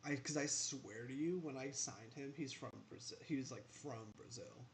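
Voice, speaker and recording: A man with a gravelly, creaky voice chats casually through a gameplay session. He rambles in loose asides, muttering his thoughts and answering the game as if it could hear him. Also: medium pitch, moderate pace, slight background noise. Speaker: gaming channel host.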